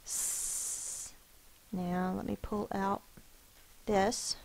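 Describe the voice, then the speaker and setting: A woman teacher slowly and patiently sounding out spelling words, letter by letter, for a class. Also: medium pitch, poor audio. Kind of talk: phonics lesson for children.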